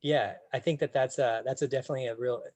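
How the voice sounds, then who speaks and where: A man's voice: medium pitch, steady tone, fast talker, a little mellow, no room sound. A man hosting a podcast as a coach, talking in an easygoing, supportive way with frequent restarts. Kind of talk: casual chat.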